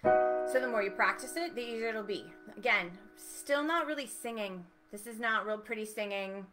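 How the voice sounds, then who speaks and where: A woman voice teacher giving an encouraging, explanatory lesson with relaxed spoken demonstrations. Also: on the high side, moderate pace, soft background music. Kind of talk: online voice lesson.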